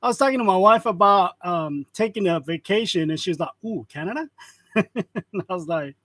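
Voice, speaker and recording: A man's voice: high voice, normal speed, a bit bright, dry recording. A man in his forties hosting a casual live stream, greeting viewers by name and chuckling often between remarks. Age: 40s. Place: print shop. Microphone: wireless lavalier.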